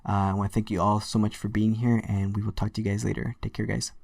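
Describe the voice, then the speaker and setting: A man hosting a casual online chat, relaxed and enthusiastic, with many fillers. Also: on the low side, fast, creaky, no room sound. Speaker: podcast host. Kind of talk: casual video-call chat.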